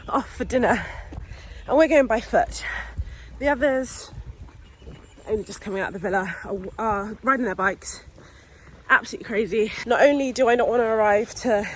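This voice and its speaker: A woman's voice: on the high side, a little hiss or hum. A young woman, chatting casually to the camera in a vlog, giggly and full of "like". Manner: chatty, giggly, uses "like" a lot. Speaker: vlogger.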